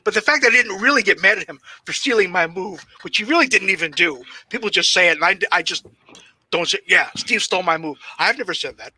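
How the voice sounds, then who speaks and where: A man's voice: sits high, lively intonation, quick pace, bright, forceful tone, slightly rough, dry recording. A man, a professional wrestler as guest, telling rambling, profanity-laced anecdotes in a casual interview. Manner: heavy swearing, rambling anecdotes; self-described shy and socially awkward.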